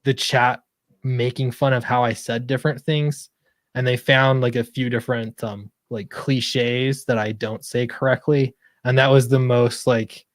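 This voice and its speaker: Man, stream host, casual and hesitant, mid-pitched voice, dry close sound. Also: dry recording. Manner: hesitant, trails off, often unsure. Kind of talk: casual chat.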